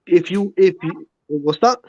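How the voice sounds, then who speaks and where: A man's voice: high-pitched, measured pace, mellow, no echo, dull audio. A man calling into a heated religious debate, argumentative, interrupting and stumbling over his words.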